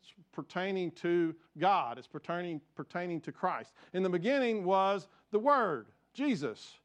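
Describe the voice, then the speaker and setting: A man's voice: high voice, expressive, a little slow. A man preaching a sermon, repeating key phrases and drawing the congregation to answer him, with conversational asides and restarts. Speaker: pastor.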